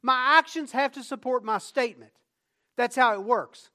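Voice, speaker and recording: Male pastor, sermon delivery, high and bright tone, conversational with emphatic swells. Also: normal speed.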